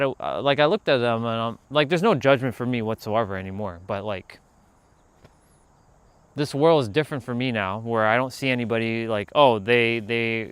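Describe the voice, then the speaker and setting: Man chatting on an outdoor livestream, smooth clear voice, dry close sound, rambling and animated. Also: mid-range voice, no echo. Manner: rambling, animated, calls out to passersby. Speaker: livestream host. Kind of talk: casual outdoor livestream chat. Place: outdoors near a park.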